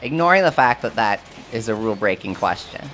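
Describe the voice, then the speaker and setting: A man's voice: on the low side, lively intonation, a little fast, a bit bright, faint music behind. A man streaming a game live, chatting casually with his viewers and answering their questions while he has the hiccups. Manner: chatty, self-deprecating, answers chat questions.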